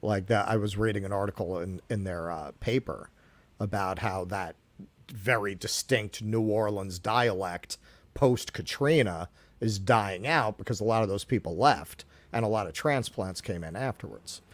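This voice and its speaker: A man from New York co-hosting a casual political chat stream, talking in an animated, indignant way with lots of swearing. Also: fairly low pitch, normal speed, dry recording. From New York, Queens. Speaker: co-host.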